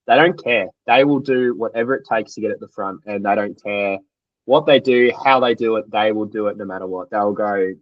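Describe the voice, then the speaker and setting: A young Australian man with an Australian accent, recounting his story as a guest in an interview, animated and tumbling along with lots of "like". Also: lowish voice, fairly quick, no room sound, muffled recording. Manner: animated, tumbling retelling full of "like". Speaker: guest athlete.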